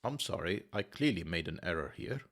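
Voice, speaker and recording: This channel host's voice sits low and sounds fairly bright as he thinks aloud through a sudoku, a little fast and animated. He stays methodical, muttering and revising his own steps.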